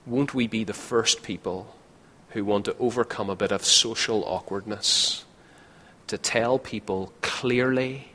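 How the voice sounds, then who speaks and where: A man's voice: lowish voice, sharp tone. A man preaching a sermon in an earnest way, now and then acting out the voices of imagined people. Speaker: pastor. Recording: long hall reverb.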